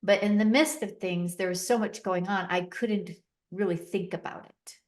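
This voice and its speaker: A woman's voice: medium pitch, steady tone, moderate pace. A middle-aged woman telling a personal story as a podcast guest, recounting events vividly and acting out the dialogue with emotion.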